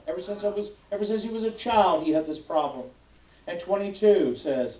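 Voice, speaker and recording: A man's voice: high-pitched, animated, a little fast. A male pastor preaching a sermon, pleading passionately in prayer as his voice climbs. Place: church sanctuary. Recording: roomy, distant, dull church recording.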